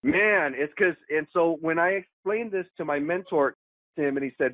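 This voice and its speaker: An animated man tells a story on a podcast, tossing in "dude" and "bro" as he goes. His voice sits a little high for a man. It comes through a tinny, phone-like line with a dry sound. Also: moderate pace, no echo. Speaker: actor and podcast guest.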